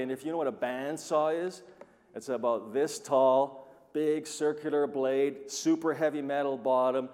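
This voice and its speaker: A man preaching a sermon who tells stories with animated, acted-out quoted voices. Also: medium pitch, measured pace, in a large hall. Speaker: pastor.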